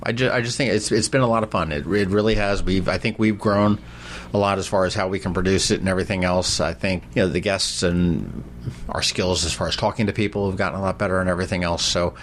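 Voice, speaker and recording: Laid-back lower-voiced man. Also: fairly even intonation, fast, slight background noise. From Philadelphia. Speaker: co-host. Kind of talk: casual chat. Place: kitchen table at home.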